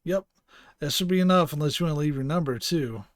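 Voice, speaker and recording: A man's voice: fairly high pitch, fast, no echo, clean studio sound, lightly acted. Give me a man playing an offhand, chatty male receptionist.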